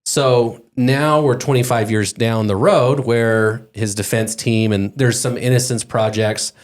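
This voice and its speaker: A man's voice: mid-range voice, steady tone, unhurried. A man hosting a podcast, steering the conversation and walking through news cases. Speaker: podcast host. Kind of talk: casual podcast chat.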